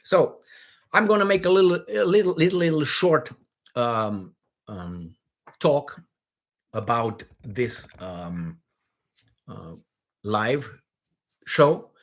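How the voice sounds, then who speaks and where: Man, middle-aged, livestream host, rambling, joking, mid-pitched, lots of fillers. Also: animated, takes it slowly, long pauses. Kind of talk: casual livestream chat reading viewer comments.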